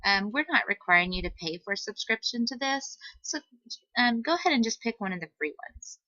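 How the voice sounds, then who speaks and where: A woman teacher giving a patient, step-by-step screen-recorded software tutorial on a computer microphone, with "um" fillers. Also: on the high side, expressive, fairly quick, no echo, highs cut off.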